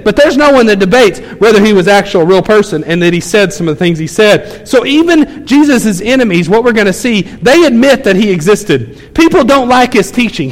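A male pastor preaching a sermon in a church, emphatic and conversational, telling stories to his congregation. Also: sits high. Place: church sanctuary. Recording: long church hall reverb.

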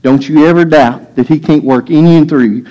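A man's voice: a little high, a little fast, warm tone, dull audio. A man preaching a sermon, telling a scripture story and acting out the voices with rising emphasis. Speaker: pastor.

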